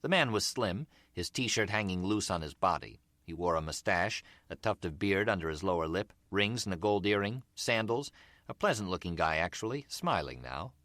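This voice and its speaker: Male audiobook narrator, wry delivery, bright and lively, lowish voice, dry close sound. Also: normal speed, dry recording. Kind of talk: scripted narration.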